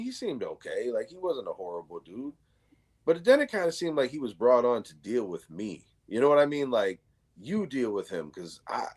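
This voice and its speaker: A man hosting a casual chat, telling a story in an animated way, acting out the quotes and swearing freely. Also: mid-range voice. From New York. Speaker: channel host.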